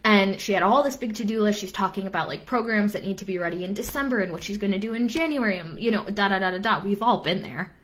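A woman's voice: medium pitch, fast talker, hardly any pauses. A young adult woman business coach giving an earnest live-stream talk, repeating phrases for emphasis and dropping casual asides.

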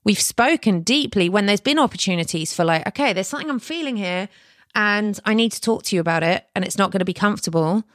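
A woman's voice: medium pitch, expressive, fast, no echo, clean studio sound. A woman hosting a podcast, talking on her own in an earnest, conversational way and asking her listeners questions. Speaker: podcast host. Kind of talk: reflective solo podcast talk.

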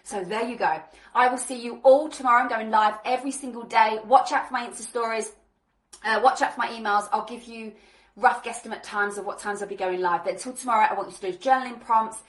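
A woman hosting a motivational business podcast, talking in an energetic, hyped way full of repeated exclamations. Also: fast talker, roomy sound. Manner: energetic, hyped, swears mildly, repeats "boom". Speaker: business coach and podcast host.

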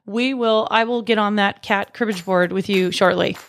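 A woman's voice: medium pitch, steady tone, moderate pace, vocal fry. A woman hosting a podcast interview, giving friendly advice in a casual, encouraging way and often checking in with "right?". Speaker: podcast host.

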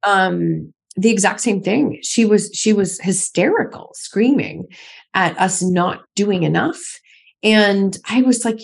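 A woman's voice: medium pitch, slow pace, creaky, breathy edge. A middle-aged woman, a podcast guest, telling her own story candidly and emphatically, repeating phrases for stress.

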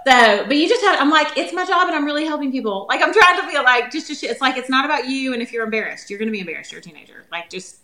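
A woman in her forties with a Southern US accent talks at a rapid clip, filling her sentences with "like". Her voice is bright and forward, and the recording picks up a roomy echo around her. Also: high voice, expressive, slight background noise. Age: 40s. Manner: quick, chatty, lots of filler "like". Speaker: guest, holistic nutritionist. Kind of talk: casual podcast chat.

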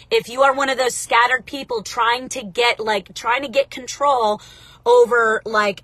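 Bright, husky-voiced motivational woman. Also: a little high, dry recording. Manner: energetic, chatty, direct to viewers. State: congested with allergies, clearing throat. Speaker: motivational livestream host. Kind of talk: casual motivational talk.

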